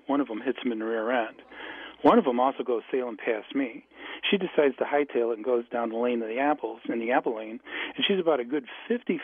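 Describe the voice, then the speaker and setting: A man's voice: medium pitch, breathy edge, dry recording. A male caller telling a funny story over a phone line on a radio show. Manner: animated storyteller. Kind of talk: phone-in anecdote.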